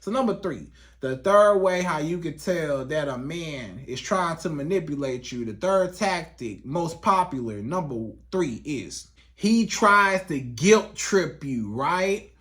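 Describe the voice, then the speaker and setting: A man's voice: fairly high pitch, animated, measured pace, fairly bright tone. A man working as a relationship coach, talking straight to the viewer in a casual advice monologue, repeating himself for emphasis and acting out quoted lines.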